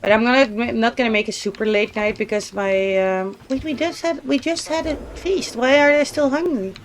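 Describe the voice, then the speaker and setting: A woman's voice: fairly high pitch, a little fast. A sleepy woman streamer chatting casually with her live chat, giggling often and cooing to her pet. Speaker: Twitch streamer.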